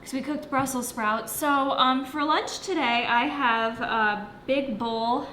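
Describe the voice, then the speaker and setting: A woman's voice: high voice, slow, bright, forceful tone, slight background noise. A young woman fitness coach chatting casually on a livestream from home, answering viewer questions with lots of fillers while she eats. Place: home, near the kitchen. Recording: echoey room.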